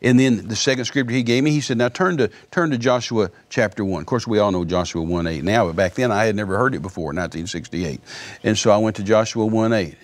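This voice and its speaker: A man's voice: on the low side, quick pace. A man in his seventies telling his own faith story as an interview guest, earnest, repeating himself and acting out the dialogue he quotes. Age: 70s. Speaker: guest, former missionary. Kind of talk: storytelling testimony in a Christian interview.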